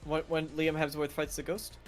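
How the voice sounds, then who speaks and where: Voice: mid-range voice, flat delivery, moderate pace, faint music behind. A podcast co-host in casual chat, chatty and wryly complaining.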